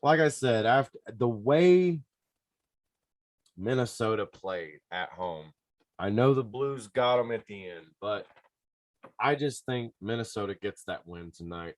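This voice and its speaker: Low-voiced man, dry sound. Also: a little slow, no room sound. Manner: excitable, talks to listeners directly. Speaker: podcast host. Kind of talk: casual sports betting talk.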